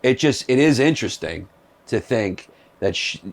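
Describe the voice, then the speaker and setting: A man's voice: medium pitch, expressive, normal speed. A male comedian in casual chat, telling stories in a laid-back, rambling way. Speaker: comedian guest. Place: small shed.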